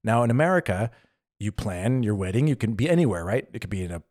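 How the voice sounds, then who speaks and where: A man's voice: lowish voice, fast talker, dry recording, studio quality. A young adult man co-hosting a podcast, chatting casually and acting out little quotes as he tells a story. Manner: animated storytelling with acted-out quotes. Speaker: podcast co-host. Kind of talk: casual chat. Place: living in Germany.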